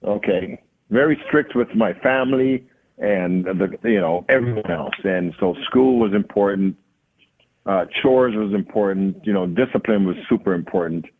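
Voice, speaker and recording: Jamaican man, low voice, phone-quality guest, rambling relaxed storyteller. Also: normal speed. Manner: relaxed storytelling with many fillers. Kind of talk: casual interview. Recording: phone-line audio.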